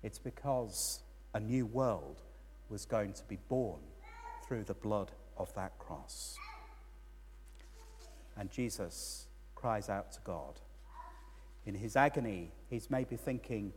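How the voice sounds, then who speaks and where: A man's voice: medium pitch, slow pace, darkish tone, breathy edge. A man giving a sermon as a priest, telling a story with rising and falling emphasis. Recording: long church reverb.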